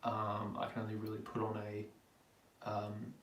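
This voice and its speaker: A man's voice: lowish voice, monotone, unhurried, echoey room, far from the mic, slight background noise. An Australian man hosting a casual live Q&A stream, reading viewer questions aloud and rambling through his answers with lots of ums. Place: home in Germany.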